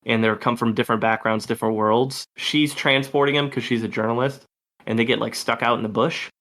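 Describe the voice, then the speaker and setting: A man hosting a movie podcast, talking in a relaxed, rambling way with frequent laughs. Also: medium pitch, brisk. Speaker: podcast host. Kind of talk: casual movie podcast chat.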